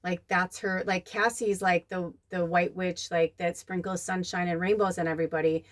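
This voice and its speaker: A woman hosting a podcast, talking in a rambling casual monologue full of "like" and "you know", turning animated when she retells scenes. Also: fairly low pitch, normal speed. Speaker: podcast host.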